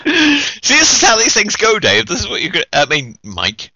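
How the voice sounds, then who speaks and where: A man's voice: sits high, wildly swooping pitch, moderate pace, pushed and bright, lo-fi sound, a little hiss or hum. A man giving a joking, tipsy holiday greeting as a podcast guest, giggly and singsong.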